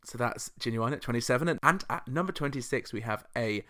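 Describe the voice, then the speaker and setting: Snarky, bright-voiced male chart show host. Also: medium pitch, lively intonation, fast talker. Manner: snarky, sarcastic and chatty. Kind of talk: casual commentary.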